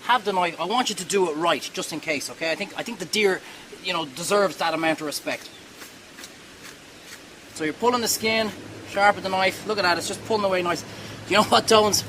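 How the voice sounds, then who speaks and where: High-pitched guy walking you through butchering, chatty and reassuring, a bit of hiss behind. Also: a little fast. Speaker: cooking show host. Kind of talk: hands-on cooking demonstration.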